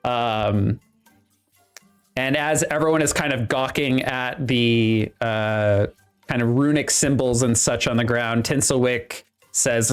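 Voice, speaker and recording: Slow, halting tabletop game master. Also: medium pitch, fairly even intonation, smooth, faint music behind. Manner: halting, with many fillers and restarts.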